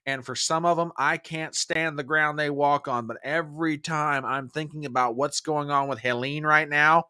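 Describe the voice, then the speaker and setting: A man's voice: a little high, fairly even intonation, moderate pace, smooth. A middle-aged man hosting a live stream, reading viewer comments and ranting with emphatic, heated outbursts. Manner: emphatic, ranting, swings from warm to furious. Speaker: host.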